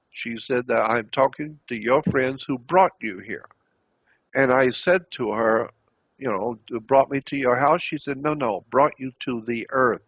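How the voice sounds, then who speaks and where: Older man, husky voice, earnest storytelling monologue, repeats himself, muffled lo-fi recording. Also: medium pitch, fairly bright tone. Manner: earnest, repeats and restarts phrases. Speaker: channel host.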